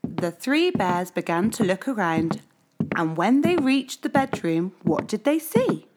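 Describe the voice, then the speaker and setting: A woman reading a children's story aloud as storyteller, with an expressive, sing-song delivery. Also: on the low side, measured pace.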